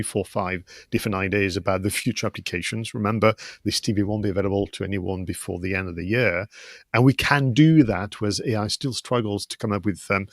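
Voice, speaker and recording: Lower-voiced man hosting a podcast. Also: dry recording, studio quality. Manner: upbeat presenter who introduces segments, some hesitations. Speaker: podcast host. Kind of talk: casual podcast chat.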